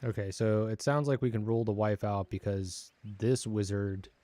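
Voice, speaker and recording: A man giving casual commentary while playing a fantasy game. He chats along and tosses in jokey asides, his voice low and warm. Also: steady tone, moderate pace, no room sound. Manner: chatty, joking asides. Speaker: gameplay commentator.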